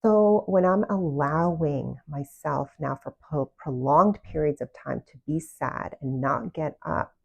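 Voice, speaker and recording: Woman w a low voice talking self-love, earnest, keeps asking you questions. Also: takes it slowly, creaky, darkish tone, highs cut off, a little hiss or hum. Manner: earnest, asks the viewer direct questions. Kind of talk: casual motivational talk to camera.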